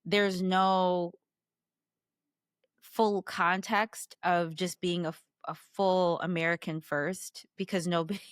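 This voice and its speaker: A woman's voice: lowish voice, little pitch movement, takes it slowly, smooth, no echo, clean studio sound. Woman co-host, teasing and laughing. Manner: reflective then playful, teasing, laughs often. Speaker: podcast co-host. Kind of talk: casual chat.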